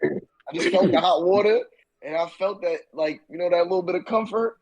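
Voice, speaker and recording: A man's voice: high-pitched, moderate pace, darkish tone, muffled recording. A man on a podcast telling joking stories in a laid-back, swearing, casual way. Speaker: podcast guest, army veteran. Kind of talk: casual chat, storytelling.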